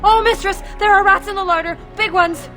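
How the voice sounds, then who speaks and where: A woman's voice: extremely high pitch, fairly even intonation, a little fast, pushed and bright, soft background music, voice pushed up. A woman voicing a frightened young elf servant girl, timid and pleading.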